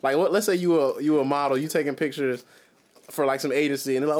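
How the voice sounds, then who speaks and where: A man's voice: a little high, fairly even intonation, fast talker. A man co-hosting a podcast in loose, joking casual chat. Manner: loose, joking, laughs often. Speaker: podcast co-host.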